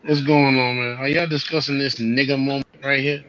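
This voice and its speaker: A man calling into a casual chat, speaking in a laid-back, halting way. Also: medium pitch, little pitch movement, a bit bright, no echo, dull audio.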